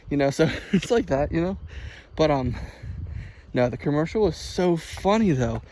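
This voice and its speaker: A man recording himself outdoors on a walk, recounting a story with lots of laughs and "like"s. His voice sits a bit high and bounces around a lot. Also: a little slow, pauses often, slight background noise. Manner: animated storyteller, laughs often, says "like" a lot. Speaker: vlogger. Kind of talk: casual chat while walking. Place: outdoors by a field.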